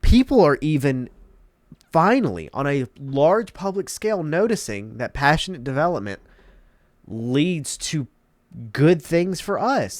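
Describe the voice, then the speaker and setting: A man's voice: on the high side, sing-song, a little slow, no echo. Stuffy-nosed guy ranting on his channel, voice bouncing all over, dry sound. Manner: emphatic, repeats key words for effect. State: congested, stuffed-up nose. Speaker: channel host. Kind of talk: opinionated commentary.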